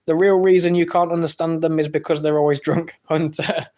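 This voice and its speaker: A slightly high-voiced English man running a live stream. He chats loosely with his viewers, reading out their comments and bantering back. Now and then he breaks into sudden loud exclamations. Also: little pitch movement, fairly quick. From England. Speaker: livestream host.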